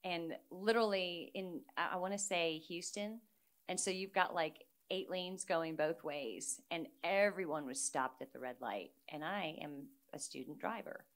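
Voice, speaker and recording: A middle-aged woman chatting casually as a guest, an animated storyteller who laughs often. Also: lowish voice, unhurried. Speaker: guest musician. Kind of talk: casual chat.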